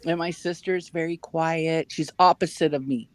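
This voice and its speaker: A woman's voice: low-pitched, normal speed, dry recording. A woman in a casual backstage chat, telling blunt, profane stories. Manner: blunt, profane, animated storyteller.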